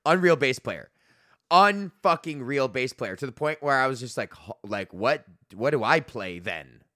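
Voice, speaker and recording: Rambling, profane man with a bright voice. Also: medium pitch, animated, moderate pace, dry recording, clean studio sound. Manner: profane, rambling storytelling with lots of fillers. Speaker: podcast host and comedian. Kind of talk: solo rambling monologue.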